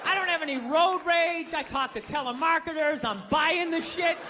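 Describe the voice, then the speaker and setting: Stand-up man, very high bright tenor, sarcastic ranting, live stage mic with a faint crowd. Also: normal speed, background noise. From United States. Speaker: stand-up comedian. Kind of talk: stand-up routine. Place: comedy stage before a live audience. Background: audience laughter.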